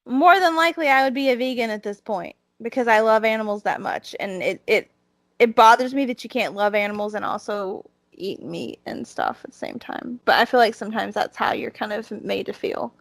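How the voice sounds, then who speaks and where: A Southern woman co-hosts a podcast in loose, rambling chat, often restarting her sentences. Her voice sits a little high. The sound is dry and close. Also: brisk, gravelly, fairly bright tone, dry recording. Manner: chatty, with frequent restarts and "like". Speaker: podcast co-host. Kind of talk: casual chat.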